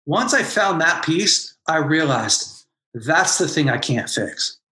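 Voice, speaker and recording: A man's voice: a little high, very animated, slow, sharp tone, echoey room. A man and former pastor, talking as a podcast guest and telling an emotional personal story with earnest intensity. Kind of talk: candid podcast conversation.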